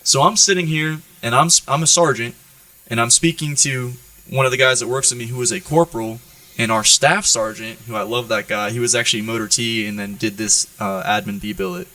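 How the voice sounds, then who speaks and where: An American man, a Marine, telling profane, animated stories as a podcast guest and often checking in with "right?". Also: mid-range voice, brisk, creaky, no room sound, far from the mic, poor audio. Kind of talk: storytelling in an interview.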